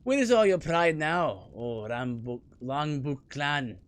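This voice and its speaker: A man reading a gloomy, fatalistic old male dwarf's game lines slowly in an attempted Scottish accent, with some stumbles. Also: fairly high pitch, lively intonation. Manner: slow, solemn, faltering reading. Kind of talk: reading game dialogue aloud.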